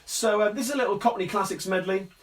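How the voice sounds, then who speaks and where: A man's voice: high-pitched, quick pace. A man hosting a live-streamed sing-along from his music room at home, chatting in a friendly, rambling way between songs. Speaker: sing-along host and performer. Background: guitar playing.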